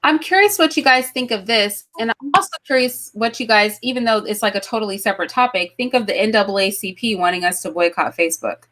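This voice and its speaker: A woman's voice: medium pitch, lively intonation, fast talker, hardly any pauses, fairly bright tone. A woman hosting a livestream talk show, chatting casually with guests and her live chat, laughing and thinking aloud as she goes.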